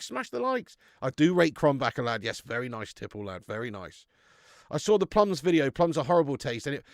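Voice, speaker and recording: Gravelly, matey man. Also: a little high, no echo, studio quality. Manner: chatty, matey banter with viewers, laughs often. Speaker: live stream host. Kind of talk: casual live-stream chat.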